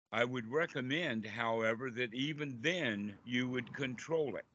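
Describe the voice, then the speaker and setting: A man's voice: medium pitch, sharp tone, no echo, muffled recording. A man, a meditation teacher, explaining breathing to a group on a video call and asking them questions.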